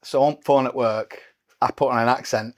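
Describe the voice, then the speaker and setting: A man's voice: medium pitch, steady tone, normal speed. A man from Barnsley with a broad Yorkshire accent, co-hosting a podcast, chatting casually, telling stories and laughing often. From Barnsley, England. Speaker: podcast co-host. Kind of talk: casual chat.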